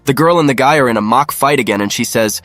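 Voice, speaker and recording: Male narrator, mid-pitched, even matter-of-fact read, dry close sound. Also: fast, no echo, faint music behind. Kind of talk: scripted narration.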